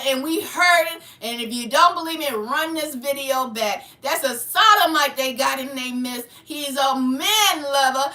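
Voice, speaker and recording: A woman's voice: sits high, pushed and bright, far from the mic. A woman hosting her channel with heated, preachy livestream commentary, fiery and confrontational. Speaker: channel host. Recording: echoey room, away from mic.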